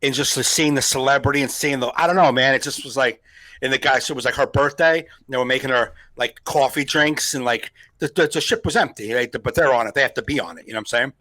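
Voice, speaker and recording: Laughing Jersey-accented comedian, dry sound. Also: male voice, medium pitch, quick pace, pushed and bright, dry recording. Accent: New Jersey. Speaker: podcast co-host, comedian. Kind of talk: casual chat.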